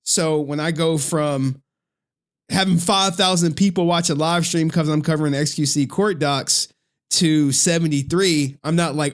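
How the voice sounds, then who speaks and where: A man's voice: a little high, steady tone, normal speed. A man chatting casually on a live stream, talking straight to his chat in a loose, profane way and laughing often.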